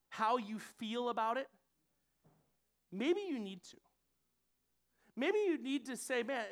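A man preaching in a relaxed, conversational way to a gathered room. He keeps it chatty and animated and slips into quick acted-out voices of what people might think or say. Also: very high-pitched. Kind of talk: sermon. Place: church room with audience.

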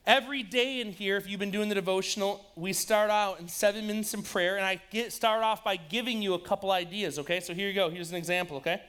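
A man preaching a lively youth-group sermon, joking and talking straight to the students in front of him. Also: high voice, fast, few pauses, clear, resonant tone. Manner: joking, energetic, addresses the audience directly. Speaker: youth pastor.

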